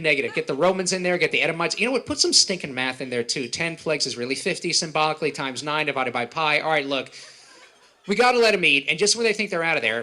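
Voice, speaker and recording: A male comedian rattles through his stand-up set at a quick clip, with a bright, forceful voice that sits a little high for a man. He keeps the audience involved, firing questions at them between jokes. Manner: rapid, animated, quizzing the audience. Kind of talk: stand-up comedy at a live event. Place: event hall with an audience.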